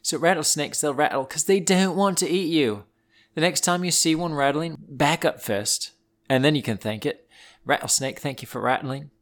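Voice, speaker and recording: A man hosting a children's podcast, telling silly animal facts in a playful, animated way and wandering off on tangents. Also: on the high side, normal speed. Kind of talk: playful storytelling for kids.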